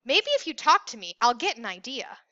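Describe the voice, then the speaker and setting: A jittery teenage boy, read by a woman, his demands leaping upward in pitch. The tone is bright and forceful, dry and close. The recording sounds a little dull and lo-fi. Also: big pitch swings, brisk, no echo. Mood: coaxing. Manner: pitch jumps up sharply when he demands answers. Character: anxious teenage boy answering a phone.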